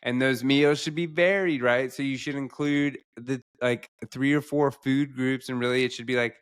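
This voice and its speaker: A man's voice: medium pitch, steady tone, normal speed, clean tone. A young adult man, a doctor co-hosting a podcast, talking in an earnest, reflective, emotional way. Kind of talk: casual podcast chat.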